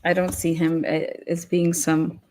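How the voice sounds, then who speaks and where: A woman's voice: on the low side, flat delivery, unhurried, warm tone. Blunt, swearing woman commentator. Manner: blunt, profane, acts out people in quoted rants. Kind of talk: casual profane commentary.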